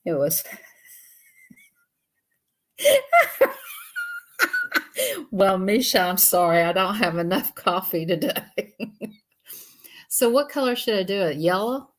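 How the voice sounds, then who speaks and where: A woman's voice: mid-range voice, takes it slowly, long pauses. Chatty woman livestreaming. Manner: chatty, laughs often, greets viewers. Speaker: livestream host. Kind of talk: casual livestream chat while coloring.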